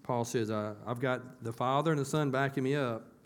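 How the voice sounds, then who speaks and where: A man's voice: medium pitch, moderate pace. A man preaching a sermon as a pastor in a church, in a conversational way that often asks the congregation questions and repeats words as he restarts.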